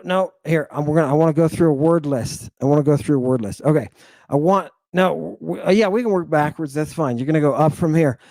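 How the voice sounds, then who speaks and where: A man giving an animated, playful language lesson, slowly repeating words for his students to drill. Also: a little high, gravelly, dry recording. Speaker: teacher.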